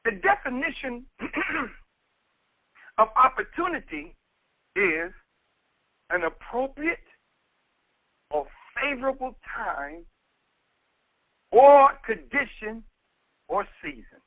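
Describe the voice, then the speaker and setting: A man preaching with a very high, lively voice that rises and falls as he presses each point home. His sound is bright and edgy, recorded close and dry. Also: slow pace, pauses often, no room sound, poor audio. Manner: emphatic, repetitive preaching cadence. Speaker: minister. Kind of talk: sermon.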